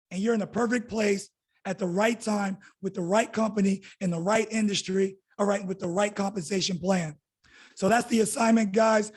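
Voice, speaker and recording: A man with a hoarse, raspy voice giving a pushy motivational pep talk over a video call, calling his listeners guys. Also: high-pitched, a little mellow. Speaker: team leader.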